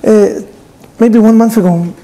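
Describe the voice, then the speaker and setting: Warm-voiced rabbi telling a lively story. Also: male voice, high voice, unhurried, low-quality recording. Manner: animated storyteller, acts out the dialogue; non-native English phrasing. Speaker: rabbi giving a talk. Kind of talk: sermon with storytelling.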